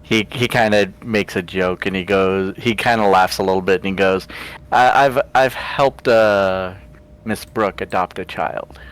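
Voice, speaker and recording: Male player, lowish voice, halting and amused while he narrates his character. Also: a bit bright, clean tone, low-quality recording. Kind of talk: tabletop role-play, in character.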